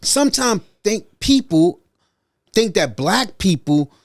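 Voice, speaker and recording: A middle-aged man hosting a podcast, telling stories in a casual, animated way and acting out the voices of people he quotes. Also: high voice, takes it slowly, no echo, clean studio sound. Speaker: podcast host. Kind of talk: casual storytelling conversation.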